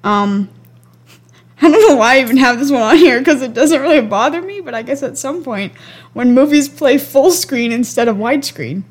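Rambling teen girl, a bit high. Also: animated, normal speed. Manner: rambling, lots of likes and ums. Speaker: guest sister. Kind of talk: casual chat.

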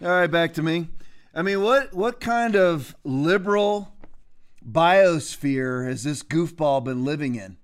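A man hosting a political commentary show, ranting in a combative, mocking way with many restarts and sudden bursts of loudness. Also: on the high side, lively intonation, takes it slowly, clean tone.

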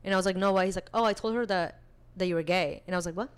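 A young woman chatting casually, telling a personal story in an animated way with lots of filler words. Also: on the low side, rapid-fire, clean tone. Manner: chatty, animated, full of filler likes, laughs while telling. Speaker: podcast guest.

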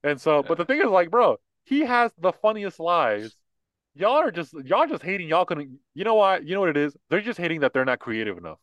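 A man co-hosting a podcast, chatting casually about politics in an animated, mocking, joking way. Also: fairly high pitch, brisk, no room sound, highs cut off. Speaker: podcast co-host.

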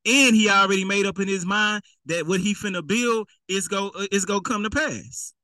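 Lively, bright-voiced man preaching. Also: high-pitched, normal speed, dry recording, low-quality recording. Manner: playful, acts out the rich man in casual slang. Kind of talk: conversational sermon.

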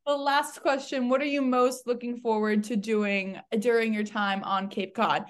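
A young woman hosting a podcast interview, upbeat and asking quick follow-up questions. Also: fairly high pitch, fairly even intonation. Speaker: podcast host. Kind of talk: casual interview.

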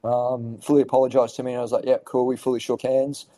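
A man's voice: medium pitch, level tone, quick pace, dark tone, no echo, low-quality recording. A man telling rambling stories in a casual podcast chat, swearing freely and restarting his sentences often. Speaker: podcast guest.

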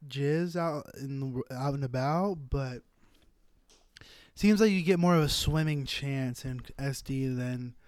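A man's voice: medium pitch, a little slow, darkish tone, clear, resonant tone, no room sound. A young man from the Bay Area, a comedian co-hosting a podcast, telling a long, profane, rambling story in casual chat. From San Francisco Bay Area. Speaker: podcast co-host and stand-up comedian. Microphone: close podcast mic.

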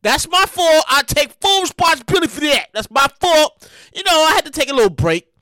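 A New York podcast host, a woman, talking casually and loudly to her listeners, swearing and venting as she goes. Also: sits high, brisk, no room sound, studio quality. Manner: loud, animated, swearing, vents and shouts. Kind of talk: casual solo podcast chat. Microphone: close podcast mic.

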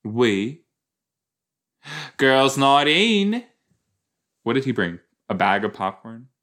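Speaking slowly with big swings in pitch, a man with a mid-range, slightly bright voice hosts a podcast. He rambles playfully, reacting casually to an episode as he watches, and coins silly words along the way.

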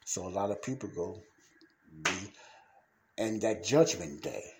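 A man's voice: sits low, a little slow, background noise. A man hosting a podcast, preaching in an emphatic, casual way and repeating his points. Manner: casual slangy speech. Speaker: podcast host.

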